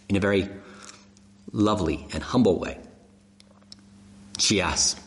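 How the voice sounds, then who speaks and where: A man preaching a sermon, telling the story with animated emphasis and rhetorical questions. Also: low-pitched, measured pace, pauses often. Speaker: pastor. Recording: echoey hall.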